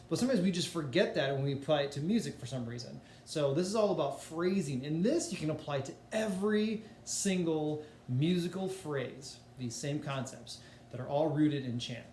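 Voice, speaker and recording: A man teaching music in a relaxed, chatty way, with filler words and sung demonstrations. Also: on the high side, normal speed, few pauses, roomy sound, a little hiss or hum.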